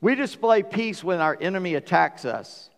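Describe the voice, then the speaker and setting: A man preaches a sermon in a church sanctuary, his voice set a little higher than most men's. He asks the congregation rhetorical questions and acts out small stories as he goes. A long hall reverb trails after his words. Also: lively intonation, normal speed, vocal fry. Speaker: pastor.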